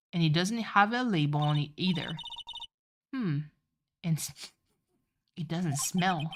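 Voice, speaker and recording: A woman streamer playing a game, reading its dialogue aloud with lively asides and self-corrections. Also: lowish voice.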